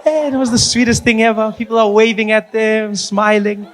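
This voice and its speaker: A man telling stand-up stories in a high, lively voice. He swings playfully between big and quiet moments as he works the room. Club noise hums steadily beneath his handheld mic. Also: normal speed, hardly any pauses. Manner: animated, playful storytelling with big vocal swings. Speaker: stand-up comedian. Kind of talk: stand-up storytelling. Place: comedy stage before a live audience. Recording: live comedy club with noise.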